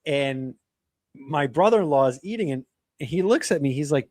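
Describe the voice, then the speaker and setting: A man talking as an interview guest, animated and laughing as he tells stories. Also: a little high, moderate pace, no room sound. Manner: animated storyteller, laughs while telling. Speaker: podcast guest. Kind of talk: casual interview chat.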